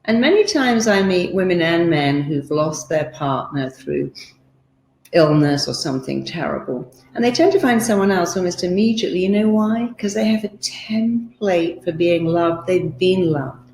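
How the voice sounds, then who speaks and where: Low-voiced woman, emphatic motivational speaker. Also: moderate pace, darkish tone, a little hiss or hum. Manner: emphatic, acts out quoted voices. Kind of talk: motivational talk to camera. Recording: roomy echo.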